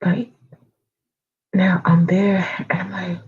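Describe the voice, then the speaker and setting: A middle-aged woman telling a personal story as an interview guest, halting and emotional, often dropping to a whisper. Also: on the low side, little pitch movement, a little mellow, slightly rough, dull audio. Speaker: guest sharing a family loss.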